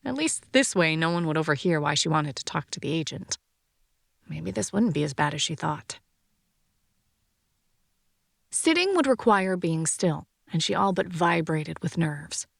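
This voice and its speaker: A woman reading a science fiction audiobook in an even, measured narration. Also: low voice, creaky, no room sound, clean studio sound.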